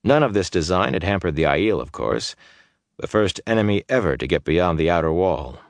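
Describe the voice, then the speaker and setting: Man, audiobook narrator, very low voice, dry close sound, measured pacing. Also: very animated, gravelly, no room sound. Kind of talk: scripted fantasy narration.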